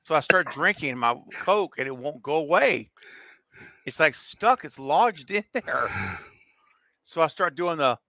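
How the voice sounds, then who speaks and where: Animated man telling a story. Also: on the high side, unhurried. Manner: animated storyteller, laughs often. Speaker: co-host. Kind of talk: casual livestream storytelling.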